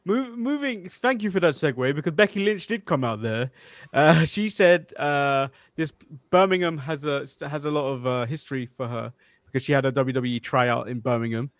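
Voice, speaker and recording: An English man co-hosts a casual wrestling review, recapping the news and arguing his points. His voice sits a little high, recorded dry and close. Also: moderate pace, no room sound. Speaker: podcast co-host.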